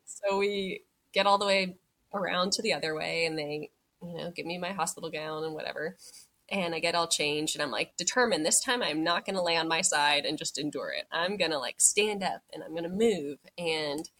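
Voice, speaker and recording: A young woman's voice sits low and sounds a bit bright as she talks at a moderate pace. She's a podcast guest casually telling her birth story, chatty and heavy on "like," acting out what she said back then.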